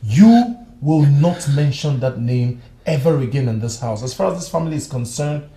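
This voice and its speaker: An actor playing a stern, protective brother who scolds emphatically, with a Nigerian English accent. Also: male voice, mid-range voice, lively intonation, normal speed, mellow, echoey room, natural voice. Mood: scolding. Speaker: actor in a film.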